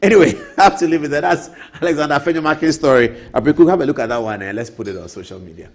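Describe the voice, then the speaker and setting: A Ghanaian man hosts a TV show from the studio in a loose, chatty way. His voice climbs and dips a lot and sits a little high. He slips into quick impressions of other people. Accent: Ghanaian English. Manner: animated, mimics others with a raised voice, laughs often. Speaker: TV show host. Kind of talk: casual studio commentary.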